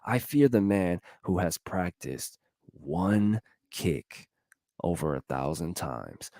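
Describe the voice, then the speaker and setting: Animated male motivational speaker, slangy and repetitive, pitch swings wide, dry close recording. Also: takes it slowly, vocal fry, no echo. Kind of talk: energetic motivational monologue.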